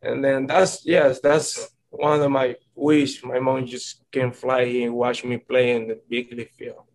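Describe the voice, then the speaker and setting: A man's voice: mid-range voice, level tone, unhurried, low-quality recording. A young man from the Dominican Republic, a baseball player answering press questions earnestly, stringing thoughts together with "and then". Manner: earnest, rambling, repeats "and then".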